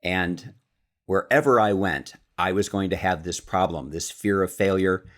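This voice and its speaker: A man's voice: deep voice, measured pace. A man from Chicago, a sales speaker and author, telling stories as a podcast guest and acting out the quotes. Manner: lively storyteller who acts out quotes. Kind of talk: storytelling in a podcast interview.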